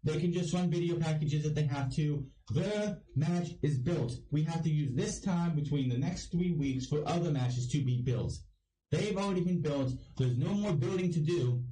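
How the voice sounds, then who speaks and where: A man's voice: a little high, normal speed, mellow, reverberant, distant mic, slight background noise, poor audio. Blunt, ranting man from Ohio. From Ohio, United States. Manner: blunt, ranting, swears freely. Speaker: wrestling show reviewer. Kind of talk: casual review monologue.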